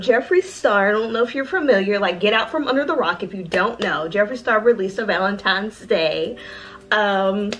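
A bubbly, excitable woman chatting straight to her viewers while unboxing in a casual vlog, recorded indoors. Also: medium pitch, normal speed, noisy background. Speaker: beauty vlogger.

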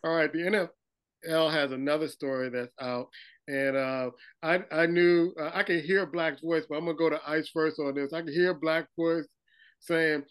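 A man's voice: a little high, moderate pace, clean tone. A man hosting a sports radio show, introducing stories and asking his co-hosts for their thoughts. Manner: relaxed, sets up topics and asks questions.

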